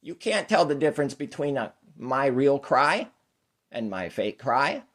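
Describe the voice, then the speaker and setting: A man's voice: mid-range voice, sing-song, a little slow, a bit bright, pitched above the performer's own voice. A man voicing a boastful, bawling baby who calls himself God, wailing shrilly and scornfully. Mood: mocking wails.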